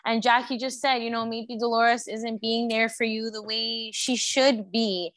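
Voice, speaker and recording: A woman's voice: on the high side, level tone, measured pace, a bit bright, no echo. A woman co-hosting a pop culture podcast, agreeing and adding her own take on a reality show episode. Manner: agreeable, chimes in with short backing remarks. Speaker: podcast co-host. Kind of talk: casual chat recapping reality TV.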